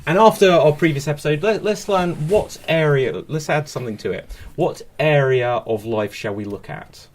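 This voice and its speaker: A man hosting and MCing an improv comedy podcast, brisk and upbeat as he explains the games. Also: fairly high pitch. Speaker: host and MC.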